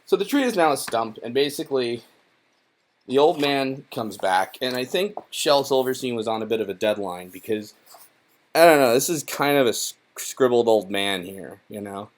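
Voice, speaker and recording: A young man talks over a children's book in a loose, rambling way, full of "like" and "right?" and dropping curse words as he mocks the story. His voice sits at an ordinary middle pitch for a man. He sounds like a casual online creator doing an offhand, sarcastic commentary. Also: expressive, normal speed. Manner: irreverent, profane, rambling with many fillers. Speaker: YouTuber reviewing a children's book.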